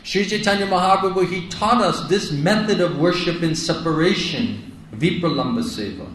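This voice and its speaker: Male spiritual teacher, a bit high-pitched, emphatic and repetitive, recorded in a roomy hall. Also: normal speed, fairly bright tone, slight background noise. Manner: emphatic, repeats phrases, asks "isn't it?". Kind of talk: devotional lecture. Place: lecture hall in India. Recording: echoey hall, heard from a distance.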